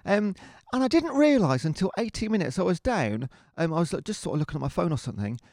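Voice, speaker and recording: A man co-hosting a casual football podcast, telling stories in a chatty, animated way. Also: sits high, fast talker, no room sound, studio quality. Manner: chatty, animated storyteller with rising laughs. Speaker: podcast co-host.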